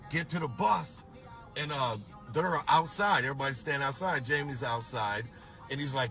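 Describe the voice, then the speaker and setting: A middle-aged man telling a story from his past in casual talk, animated and swearing constantly. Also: mid-range voice, normal speed, soft background music. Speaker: storyteller recounting a past tour.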